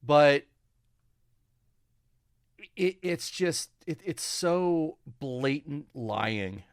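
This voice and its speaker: A man co-hosting a podcast in casual political chat, halting and restarting often as he swears his way through his points. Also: a little high, animated, clear, resonant tone, no room sound, studio quality. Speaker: podcast co-host.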